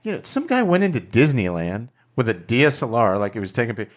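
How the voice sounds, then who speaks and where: A man's voice: medium pitch, fast. A middle-aged man, a documentary filmmaker, telling stories in casual chat and acting out the people he quotes. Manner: animated storyteller, acts out quotes, swears freely. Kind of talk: casual chat over drinks.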